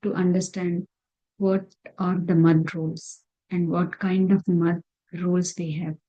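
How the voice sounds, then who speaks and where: A woman's voice: lowish voice, level tone, unhurried, mellow, muffled recording. A woman teaching a recitation lesson over slides, patiently repeating terms and counts.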